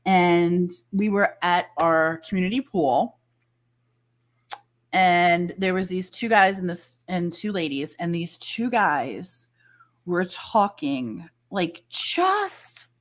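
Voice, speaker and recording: A woman guest telling a story in casual chat, animated and acting out the lines of others. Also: lowish voice. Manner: animated, acts out quoted dialogue.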